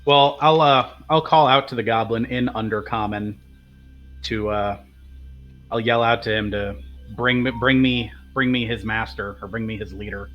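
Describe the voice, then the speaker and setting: A man's voice: on the low side, steady tone, moderate pace, a bit bright, lo-fi sound, faint music behind. A man playing a tabletop game, talking casually and hesitantly with many fillers. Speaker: player.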